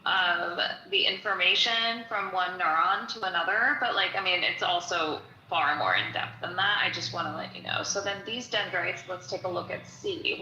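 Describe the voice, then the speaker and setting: A middle-aged woman with a gravelly, fry-laden voice and a sharp, bright edge talks her way through a textbook lesson, chatty and wandering. The sound is roomy and echoey, a little dull, with faint background hiss. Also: fairly low pitch. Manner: chatty, digressive, lots of "like" and "um". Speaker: study-along teacher. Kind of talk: casual textbook walkthrough.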